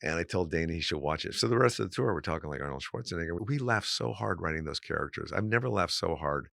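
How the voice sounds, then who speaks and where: A man, a guest comedian, telling stories in a casual chat, animated and full of "you know"s. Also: sits low, fast talker, creaky, no echo, clean studio sound.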